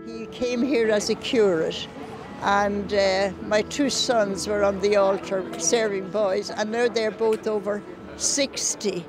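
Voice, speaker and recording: Older lady remembering her priest, slow and jokey, busy crowd and music underneath. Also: medium pitch, steady tone. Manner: chatty, halting, joking. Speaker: parishioner. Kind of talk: casual recollection.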